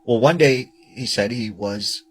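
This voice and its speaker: A man with a mid-range voice casually retells a scary story he heard, speaking at a measured pace. He's loose and chatty, packing in fillers like "you know" and "like." The audio is poor, with a music bed playing underneath.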